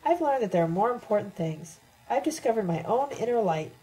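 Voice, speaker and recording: A woman's voice: on the high side, lively intonation, fairly quick, dark tone, close to an everyday voice, rough recording. A woman voicing a filthy, unkempt male hermit who talks in a vague, otherworldly, musing way, in an audiobook reading. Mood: dreamy.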